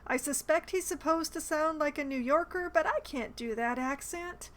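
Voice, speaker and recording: A woman's voice: high voice, moderate pace, a bit bright. A woman casually commenting while she plays a game, chatty and a bit hesitant, poking fun at herself. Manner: chatty, hesitant, self-deprecating. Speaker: streamer playing a game.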